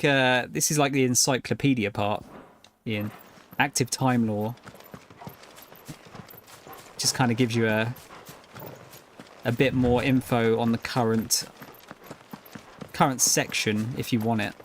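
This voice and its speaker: A man's voice: mid-range voice, fairly even intonation, unhurried, pauses often, slight background noise. A man streaming a video game, reading lore entries aloud and adding wry, casual asides. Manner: wry, casual asides between read-out passages.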